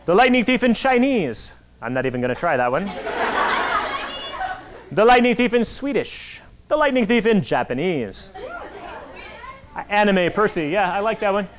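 A man in his forties giving an animated talk to children at a library, acting out the voices in his stories. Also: high voice, normal speed, long pauses, crowd noise, noisy background. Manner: animated storytelling, acts out quoted voices. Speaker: author speaking to kids. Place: public library hall. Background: audience of children.

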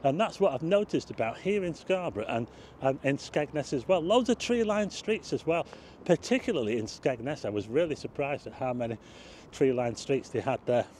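A man's voice: mid-range voice, animated, normal speed, a little mellow, slight background noise. A man narrating a casual walking tour, chatting to his viewers and exclaiming at what he sees. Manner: chatty, addresses viewers as folks, exclaims at sights. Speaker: travel vlogger. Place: outdoors on town streets.

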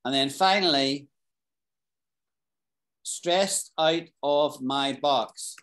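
A British man teaching an English class, explaining expressions slowly, repeating key phrases and asking his students questions. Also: fairly high pitch, fairly bright tone. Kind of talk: live online English lesson.

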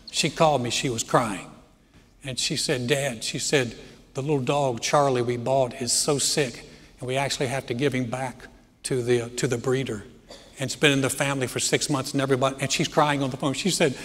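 A middle-aged man preaching a sermon as pastor, telling family stories and growing animated as he jokes. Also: medium pitch, husky. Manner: storytelling, animated when joking. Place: church hall. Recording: church hall with long reverb.

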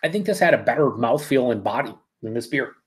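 A man's voice: mid-range voice, animated, fast talker. A man hosting a live beer review, talking casually and reading out viewer comments, rambling and correcting himself.

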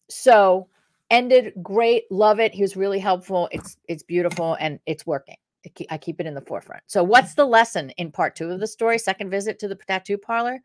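A woman's voice: mid-range voice, no echo, studio quality. An older woman, a career coach, telling a candid story casually on a live stream, with the odd swear word. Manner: animated and candid, with swear words. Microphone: webcam on a live stream.

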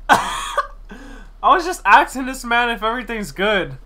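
A young man streaming gameplay, chatting casually and excitedly with slang and frequent laughs. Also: very high voice, takes it slowly.

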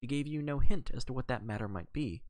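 Hercule Poirot, as read by a man, fussy and excitable. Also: medium pitch, fast talker, dry recording, pitched above the performer's own voice, lightly acted. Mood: grave. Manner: dramatic, sprinkled with French exclamations. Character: fussy little Belgian male detective, excitable. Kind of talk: audiobook reading.

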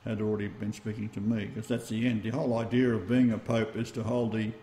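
A man with an Australian accent hosting a talk-radio show, rambling and halting as he goes. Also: lowish voice, level tone, mellow, reverberant. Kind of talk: casual talk-radio chat.

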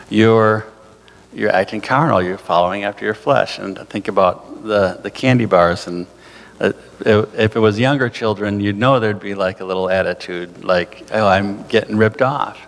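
Low, gravelly man preaching in a hall. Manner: conversational, loose preaching with fillers and asides. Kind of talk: sermon. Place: church sanctuary. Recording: hall reverb from a church.

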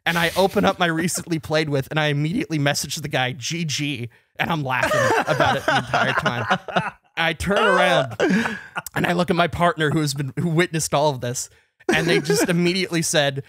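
Man, high voice, dry close sound, casual podcast storytelling, animated. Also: a little fast, no echo. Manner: animated, acts out shouting matches. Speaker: podcast co-host.

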